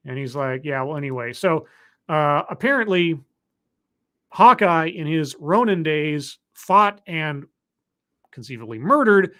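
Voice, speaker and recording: A casual show reviewer talking through an episode on a live stream. The delivery is wry and sarcastic, full of asides and fillers, often stopping to fix what is on screen. Middle pitch. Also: expressive, a little slow, a bit bright. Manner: rambling, with fillers and restarts while clicking through footage. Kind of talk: casual episode recap commentary.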